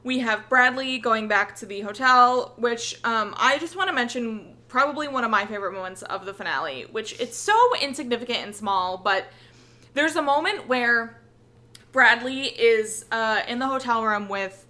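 A woman co-hosting a podcast, chatting casually and excitedly, rambling and swearing a lot. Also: on the high side, normal speed. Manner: animated, heavy swearing, rambling recap. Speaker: podcast co-host.

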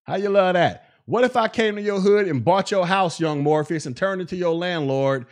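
A man with a high voice hosts a podcast at a moderate pace. His casual commentary is blunt and mocking, and he laughs at his own jokes.

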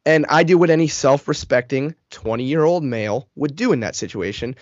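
A man in his thirties tells a story on a podcast in a fairly high voice, animated, profane and poking fun at himself. The recording sounds dull and dry, with no room around him. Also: normal speed, no echo. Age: 30s. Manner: animated, profane, self-mocking. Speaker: podcast co-host. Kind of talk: casual storytelling.

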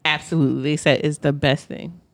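A woman's voice: deep voice, fairly even intonation, brisk, dry recording, studio quality. A woman hosting a casual podcast chat, playful and teasing, laughing often. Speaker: podcast host.

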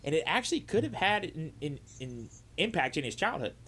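A man's voice: a little high, big pitch swings, a little fast, a bit bright, husky. Rambling male podcast storyteller. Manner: rambling, many fillers and restarts. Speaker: podcast host. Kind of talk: casual true-crime podcast storytelling.

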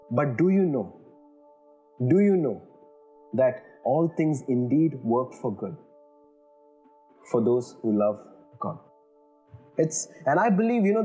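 Pastor guy preaching, kinda husky and a bit high, earnest, lots of "you know", faint music under it. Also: warm tone. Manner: earnest, rising emphasis, frequent "you know" and "all right". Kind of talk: sermon.

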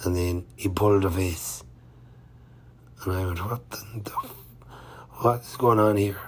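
Male cyclist vlogger, low flat delivery, rambling casual diary talk. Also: unhurried. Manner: rambling and chatty, with many fillers and restarts. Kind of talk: casual travel-diary narration.

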